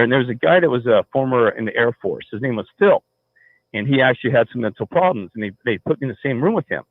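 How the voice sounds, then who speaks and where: A man's voice: medium pitch, no echo. A man calling into a talk show, telling a long personal story in a rambling way, full of restarts and fillers. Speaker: caller. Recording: tinny phone line.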